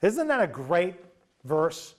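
A man preaching an informal sermon at an evening fellowship, retelling a story in a lively, conversational way. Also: high voice, slow. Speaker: pastor.

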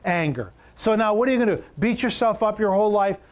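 A male pastor with a notably high voice delivers a sermon. He talks emphatically and repeats his key lines, letting his pitch rise and drop to drive each point home. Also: animated, fast.

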